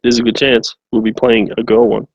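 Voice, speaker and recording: A man's voice: mid-range voice, level tone, fairly quick, a little mellow, no room sound, dull audio. An Australian man co-hosting a gaming podcast, chatting casually with a dry, teasing manner. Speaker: podcast co-host. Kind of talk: casual chat.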